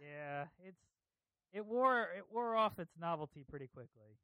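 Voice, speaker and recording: A man hosting a casual podcast chat, laid-back and quick to laugh. His voice sits a little high, and the recording is dry. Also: animated, bright, forceful tone, smooth, no room sound. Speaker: podcast host.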